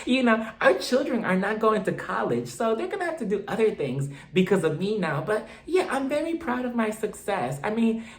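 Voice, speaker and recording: A man putting on a high, airheaded voice to mock a boastful woman making a toast, recorded in an echoey room. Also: big pitch swings, moderate pace. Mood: ditzy boastful. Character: mocking falsetto take on a boastful, ditzy woman making a toast.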